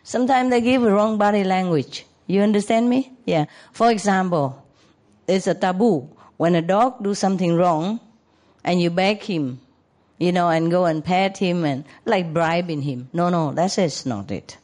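Woman talking about her dogs, pretty low voice, broken english, laughs a lot, keeps going huh? you understand?. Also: normal speed, darkish tone. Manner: keeps checking with tag questions; laughs often while talking. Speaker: dog owner. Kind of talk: casual chat.

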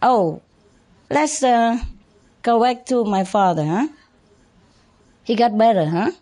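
An older woman whose first language is Vietnamese, a spiritual teacher telling life stories to followers in a chatty way, laughing often and pausing with many fillers. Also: fairly high pitch, lively intonation, warm tone. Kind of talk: storytelling talk to followers.

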